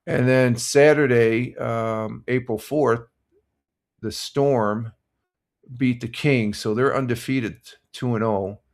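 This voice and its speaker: A man's voice: mid-range voice, takes it slowly. Older guy on a morning stream, easygoing, lots of ums and uhs, reading scores and chat. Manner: relaxed, rambling, many fillers and restarts. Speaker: live stream host. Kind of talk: casual morning chat reading sports scores and viewer comments.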